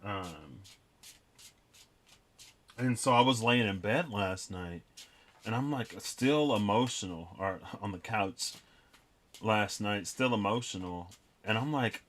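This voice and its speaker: A man's voice: on the low side, animated, slow pace, pauses often, a bit bright. A young man reading tarot cards and chatting in a rambling, reflective way with many fillers. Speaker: tarot reader. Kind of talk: casual tarot reading vlog.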